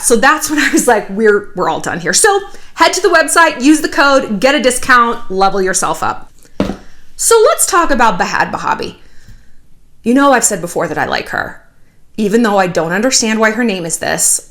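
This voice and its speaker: A woman in her thirties hosting a casual commentary vlog, chatty and animated with sarcastic asides. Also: mid-range voice. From United States. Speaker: YouTube commentary host.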